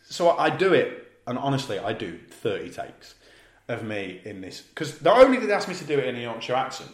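A man with an East Midlands accent, from Leicester, co-hosting a podcast and telling a long anecdote in a lively, laughing way, with the odd swear. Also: mid-range voice, fairly quick, roomy sound. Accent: East Midlands English. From Leicester, England. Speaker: podcast co-host. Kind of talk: casual storytelling chat.

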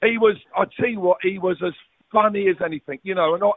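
A man's voice: sits high, quick pace, no echo. A middle-aged man, telling rambling stories as a guest, with swearing and restarts. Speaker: guest, former footballer. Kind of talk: casual storytelling chat. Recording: tinny phone-like audio, dry.

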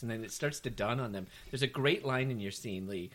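A man's voice: medium pitch, fairly quick, fairly bright tone. A man wryly recapping a movie scene in casual chat, swearing freely. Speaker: podcast co-host.

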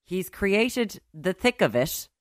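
A woman co-hosting a casual chat, animated and laughing between quick asides. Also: mid-range voice, no room sound, studio quality. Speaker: podcast co-host.

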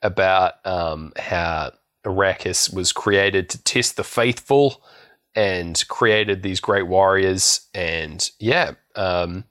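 A man's voice: sits low, takes it slowly, a bit bright. A man co-hosting a podcast, recapping a film in a rambling, storytelling way and laughing often. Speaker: podcast co-host. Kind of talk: casual film recap chat.

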